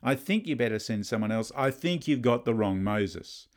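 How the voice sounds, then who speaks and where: A preacher voicing Moses as a reluctant man arguing casually with God, higher and livelier than his own voice. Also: moderate pace, lightly acted. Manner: casual, joking, higher and animated.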